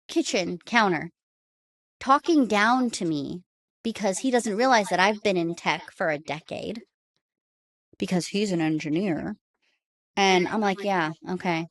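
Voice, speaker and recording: Thirtysomething woman podcast host, blunt and lively, laughs a lot, average pitch. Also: takes it slowly, pauses often. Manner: animated, laughs often, blunt and profane. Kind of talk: casual podcast chat.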